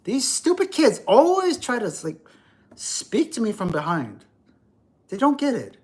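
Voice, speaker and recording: A middle-aged man rants on a livestream, lecturing and cursing as he goes. His voice swings widely up and down, with a lively, animated delivery. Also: very high-pitched, a little slow, breathy edge. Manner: ranting, profane, lecturing. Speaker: livestream host. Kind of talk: livestream rant.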